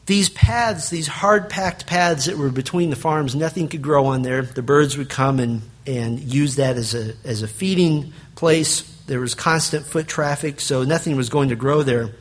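A man with a slightly raised, husky voice delivers a sermon. He moves between reading scripture aloud and explaining it in an emphatic, conversational way. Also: a little high, a little slow, few pauses. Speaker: pastor.

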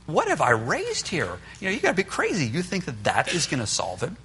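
A man's voice: on the high side, wildly swooping pitch, fairly quick, bright, forceful tone, a little hiss or hum, pitched above the performer's own voice, exaggerated voice. A man voicing an exasperated mother who scolds her son in disbelief. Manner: incredulous scolding.

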